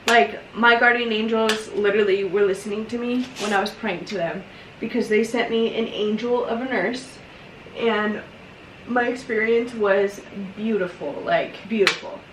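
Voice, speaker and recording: A woman's voice: mid-range voice, moderate pace, a little hiss or hum. A young woman casually telling a personal story while doing her makeup, chatty and emotional, with lots of fillers. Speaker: vlogger. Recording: roomy echo, mic at a distance.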